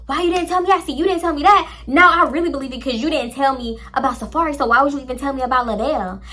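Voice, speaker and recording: A woman's voice: fairly high pitch, animated, brisk, pushed and bright. A woman voicing a gossipy young female friend who keeps pressing with insistent questions. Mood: needling.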